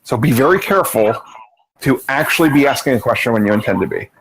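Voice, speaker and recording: A man of ordinary pitch coaches a student through an online voice chat. He explains patiently at length, repeating and restarting words as he goes. A faint hiss sits under his voice. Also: lively intonation, fast, gravelly, fairly bright tone, poor audio. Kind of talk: teaching over voice chat. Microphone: online voice chat mic.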